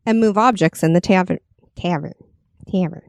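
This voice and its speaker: A woman's voice: on the low side, moderate pace, vocal fry, noisy background. A woman co-hosting a podcast, reading history notes in casual chat, giggly and stumbling over words. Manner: giggly, often breaks into laughter. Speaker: podcast co-host. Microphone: studio podcast mic.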